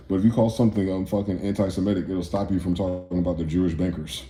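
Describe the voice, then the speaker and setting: A man's voice: low-pitched, fairly even intonation, fast, reverberant, background noise. A man from New Jersey hosting a livestream, rambling, profane and ranting as he reads out chat comments. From East Orange, New Jersey. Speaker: livestream host.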